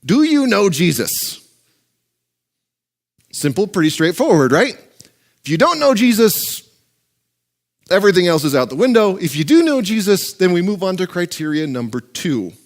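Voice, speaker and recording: A man's voice: sits high, very animated, moderate pace, pauses often. A male pastor preaching a sermon in a joking, conversational way.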